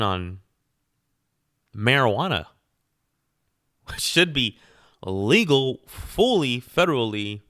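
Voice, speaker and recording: A man's voice: mid-range voice, fairly bright tone, no room sound, studio quality. Opinionated man hosting his podcast. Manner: opinionated, rhetorical questions, laughs at himself. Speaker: podcast host. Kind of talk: casual solo podcast monologue.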